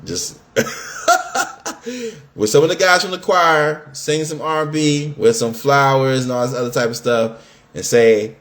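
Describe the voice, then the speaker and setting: A man hosting a podcast, telling a story in a casual, animated, slangy way and laughing often. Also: mid-range voice, unhurried, long pauses. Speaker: podcast host.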